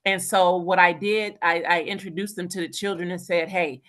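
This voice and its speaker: A woman, a teacher, speaks in a lowish voice as she earnestly shares a story on a call. She fills her sentences with ums and "and so" as she goes. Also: steady tone, normal speed, a bit bright. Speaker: caller, teacher. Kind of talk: casual testimony on a call.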